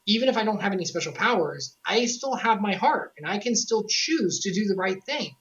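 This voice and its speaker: A woman's voice: mid-range voice, lively intonation, fairly quick, fairly bright tone, highs cut off. A woman voicing a kind-hearted teenage boy hero who speaks in an earnest, resolute way. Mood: determined.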